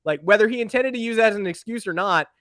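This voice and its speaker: A man co-hosting a casual sports podcast with a high voice, dropping wry, sarcastic asides. His voice comes across close and dry. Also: fast, fairly bright tone, no room sound. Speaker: podcast co-host.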